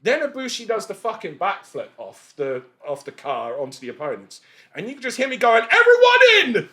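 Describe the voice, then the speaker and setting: A man in his forties, a podcast guest telling stories in a casual, animated way, laughing and swearing freely. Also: high-pitched, fairly quick. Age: 40s. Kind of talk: casual storytelling chat.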